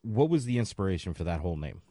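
A man's voice: low-pitched, sing-song, quick pace, dark tone, no room sound, clean studio sound. A man co-hosting a podcast, chatting casually and asking the guest questions. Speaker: podcast co-host. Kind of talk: casual chat.

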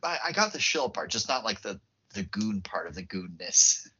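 Brief: male podcast co-host, animated storyteller, husky edge to his voice. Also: on the low side, normal speed. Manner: animated storytelling, laughs easily. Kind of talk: casual chat. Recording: muffled lo-fi podcast audio.

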